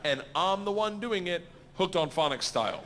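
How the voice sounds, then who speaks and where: A middle-aged man telling a story in stand-up, loud and animated, laughing at his own asides. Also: high voice, moderate pace, big-room sound, noisy background. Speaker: stand-up comedian. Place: stage.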